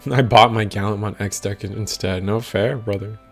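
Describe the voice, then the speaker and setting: A man's voice: lowish voice, fairly even intonation, normal speed, soft background music. A young man hosting a stream, giving casual, rambling live commentary on a card game and chatting with viewers in slang. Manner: rambling and slangy, talks to chat.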